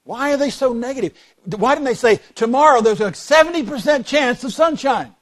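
A man's voice: extremely high pitch, fairly quick. A man preaching a sermon in a church, telling folksy stories and joking with the congregation. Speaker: pastor.

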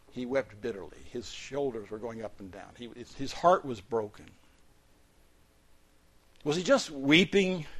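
A man preaching from the pulpit, his voice at an ordinary middle pitch. He swells to loud, forceful emphasis on key phrases, then falls back to quiet, low-voiced asides. When he reads scripture, he slows into a deliberate, stressed cadence. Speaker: pastor. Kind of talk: sermon.

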